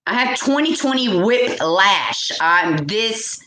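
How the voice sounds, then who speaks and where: A woman's voice: medium pitch, animated, slow pace, pushed and bright. A woman vlogger ranting to her viewers, exasperated, swearing often and repeating herself. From United States. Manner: exasperated, profane, repetitive ranting. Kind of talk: ranting commentary to camera. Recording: echoey room.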